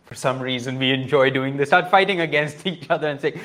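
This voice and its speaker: A man's voice: medium pitch, fairly quick, hardly any pauses, a bit bright. A man hosting a podcast, reading a spiritual book aloud and reflecting on it with many rhetorical questions. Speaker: podcast host.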